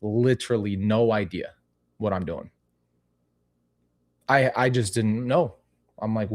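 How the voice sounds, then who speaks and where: Male channel host, casual livestream chat, rambling and animated. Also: lowish voice, takes it slowly, pauses often.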